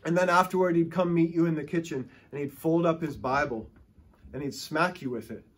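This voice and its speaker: A man's voice: fairly high pitch, a little fast, breathy edge. A male pastor preaching a sermon, telling stories with emphatic, rising and falling delivery.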